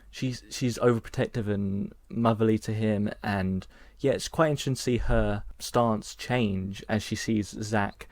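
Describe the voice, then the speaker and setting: A man's voice: fairly low pitch, a little mellow, dry recording. Young man reviewing a film in a dry booth. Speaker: podcast co-host. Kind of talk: casual film review chat.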